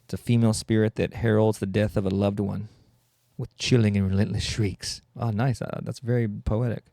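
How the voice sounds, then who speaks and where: A man's voice: on the low side, level tone, normal speed, gravelly, dark tone, no room sound, clean studio sound. A man hosting a podcast, riffing through a rambling, profane comedic monologue and interrupting himself constantly. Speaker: podcast host.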